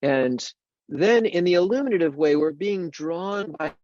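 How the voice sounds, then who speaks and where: A man's voice: high voice, lively intonation, unhurried, a little mellow, no room sound. A man, a Benedictine monk and priest, teaching casually about the spiritual life, searching for words with lots of "you know" and restarts. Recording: dull, slightly lo-fi dry sound.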